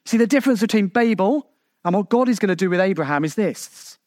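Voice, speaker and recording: A man delivers a sermon in a high voice with a dry, close sound. He is emphatic, asking his listeners rhetorical questions, and leaps up and down in pitch to drive his points home. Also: lively intonation, fast talker, a little mellow, no room sound. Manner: shifts pitch sharply for emphasis. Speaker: preacher.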